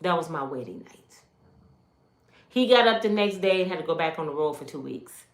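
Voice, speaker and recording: A woman's voice: sits low, normal speed. Woman telling her story in an echoey room. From Michigan. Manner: animated storytelling, addresses viewers directly. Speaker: testimony speaker. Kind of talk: emotional personal testimony.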